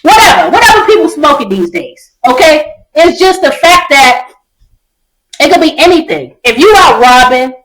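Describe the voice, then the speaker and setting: A woman's voice: high voice, big pitch swings, moderate pace, a bit bright, low-quality recording. A woman co-hosting a casual podcast, blunt and profane, acting out quotes as she talks. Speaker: podcast co-host. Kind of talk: casual chat.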